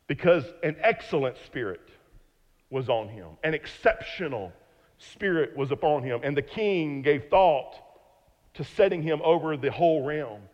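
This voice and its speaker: Man, pastor, sermon, emphatic and repetitive, highish voice, dull sound. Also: animated. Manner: emphatic, repeats words, slows for key lines. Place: church sanctuary. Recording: muffled long church reverb.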